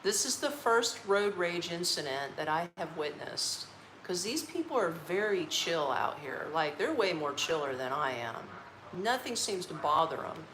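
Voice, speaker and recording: A woman vlogger tells a casual story in a lively, up-and-down voice, laughing often and imitating sounds. She is recorded in a roomy space that gives her voice a noticeable echo, with faint ambient noise underneath. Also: fairly low pitch, unhurried. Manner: animated, laughing, mimics honking and voices. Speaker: travel vlogger. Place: apartment in Cambodia.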